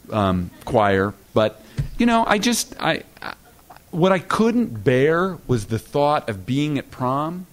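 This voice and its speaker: A middle-aged man giving a lecture, telling stories with lots of stammers and repeated words, and acting out other people's lines in a higher voice. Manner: animated anecdotes, acting out other people's lines with a raised pitch. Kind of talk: storytelling lecture. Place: lecture hall.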